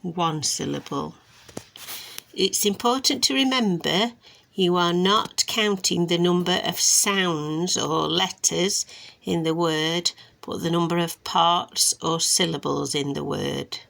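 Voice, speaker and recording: Slow gravelly woman explaining to parents. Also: fairly low pitch, a bit bright. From England. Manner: slow, careful modelling of words, exaggerated syllables. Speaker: speech and language therapist. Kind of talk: instructional demonstration for parents.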